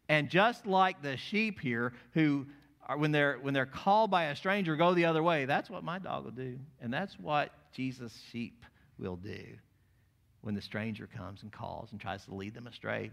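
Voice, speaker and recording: Here a male pastor delivers a sermon at a moderate pace, his mid-range voice slightly creaky. Some passages are loud and emphatic, while others drop to quiet, intimate lines.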